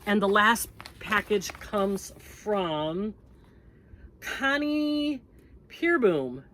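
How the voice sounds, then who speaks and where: A woman's voice: mid-range voice, animated, measured pace. A Canadian-born woman hosting a crochet vlog, chatting in a gushing, upbeat way as she opens packages. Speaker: crochet channel host. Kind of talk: casual vlog chat.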